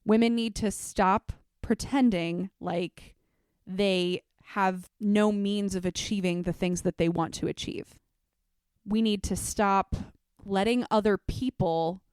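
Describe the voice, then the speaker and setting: Young woman podcasting solo, smooth clear voice, dry close sound, candid and thoughtful. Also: medium pitch, a little mellow, no room sound. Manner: candid, reflective, with frequent fillers. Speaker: podcast host; teacher. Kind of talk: casual solo podcast talk.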